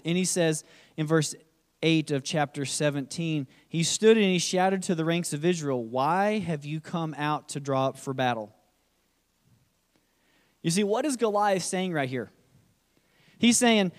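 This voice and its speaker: A man's voice: fairly high pitch, long reverb tail. A male pastor preaching a sermon, reading scripture and voicing the taunts of a giant to his listeners.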